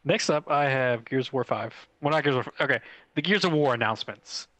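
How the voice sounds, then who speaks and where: Excitable man rambling on a podcast. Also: mid-range voice, a little fast, no echo, low-quality recording. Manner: excitable, rambling with many "like" fillers. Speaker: podcast co-host. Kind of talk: casual chat.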